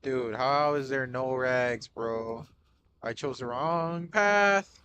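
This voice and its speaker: Excitable young man swearing over a game. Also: medium pitch, a little hiss or hum. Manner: excitable, swears a lot, frequent "bro" and "dude"; panicky outbursts and rapid repeated shouts. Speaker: gaming streamer. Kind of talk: live gameplay commentary.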